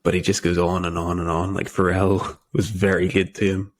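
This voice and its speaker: A deep, flat-sounding man with a gravelly voice co-hosts a casual podcast chat. He speaks hesitantly, often pausing to find his words, over faint background noise and clicks. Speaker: podcast co-host.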